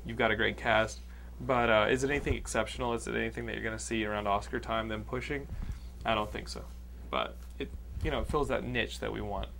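A man's voice: lowish voice, fast, vocal fry, slight background noise. A man from Texas hosting a podcast, reviewing a movie in rambling, casual chat with lots of fillers and swearing. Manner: rambling, animated, swears freely. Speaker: podcast host.

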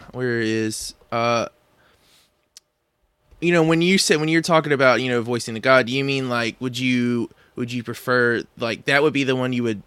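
A man leads a loose podcast conversation, his voice bright and forward. He circles around his questions with many fillers and restarts. The sound is dry and close-miked. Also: mid-range voice, smooth, dry recording. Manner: rambling, halting questions. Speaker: podcast host. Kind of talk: casual chat.

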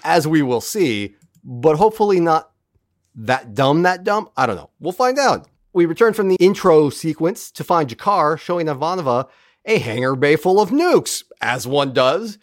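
A man's voice: on the high side, moderate pace, dry recording, clean studio sound. A man co-hosting a podcast, recapping an episode in casual chat and acting out the characters' lines as he goes. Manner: animated, acts out characters' lines while recapping. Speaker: podcast co-host.

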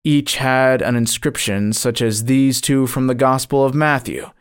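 A man narrating an audiobook in a measured, solemn reading. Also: medium pitch, clean tone. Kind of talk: scripted narration.

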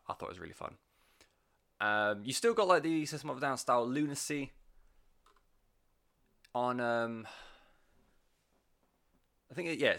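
Bright, sweary man reviewing music. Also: medium pitch, vocal fry. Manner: enthusiastic, sweary, rambling with many fillers. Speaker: album reviewer. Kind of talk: casual spoken music review.

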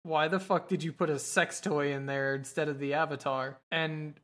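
Low-pitched woman chatting through an episode recap, swears a lot, quotes characters offhand. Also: fairly even intonation, moderate pace, fairly bright tone. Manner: swears casually, acts out quoted lines in passing. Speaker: podcast co-host recapping an anime. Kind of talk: casual chat, recapping scenes.

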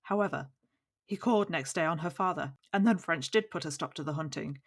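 In an audiobook, a woman with a deep voice reads briskly as a fat, jovial older lord. The character gossips with exclamations, so her storytelling comes across chatty and gossipy.

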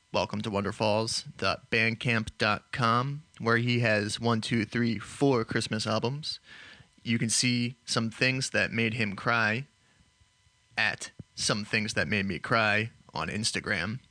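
A lower-pitched man with a bright, forward tone reads podcast plugs and sign-offs. His delivery is measured and upbeat. The recording is dry and close. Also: fairly even intonation, dry recording. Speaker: podcast co-host reading the outro. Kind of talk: show outro announcements.

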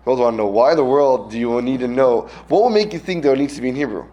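A man's voice: medium pitch, fast, highs cut off. A man teaching a casual Talmud class, checking in with his students and acting out little scenes to explain a point. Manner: lively, questions students, acts out little scenes.

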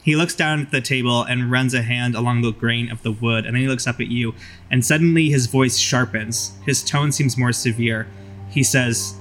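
A man's voice: mid-range voice, steady tone, normal speed, fairly bright tone, soft background music. A man narrating vividly as game master of a tabletop role-playing game.

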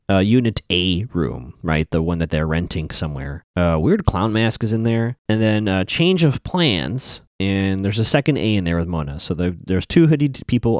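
A man's voice: fairly low pitch, darkish tone, dry recording, studio quality. A man casually recapping a TV episode, chatting to viewers he calls folks.

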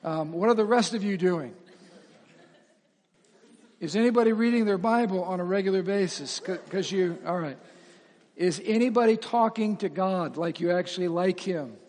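Pastor guy preaching, animated, throws questions at the crowd, big echoey hall. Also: sits high, normal speed. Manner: animated, asks congregation questions, laughs at himself. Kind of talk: sermon. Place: church sanctuary with reverb. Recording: long hall reverb.

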